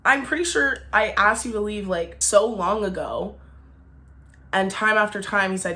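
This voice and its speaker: A woman's voice: mid-range voice, measured pace, bright, forceful tone. A young woman vlogger telling a storytime tale, chatty and indignant, full of "like". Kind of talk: storytime vlog.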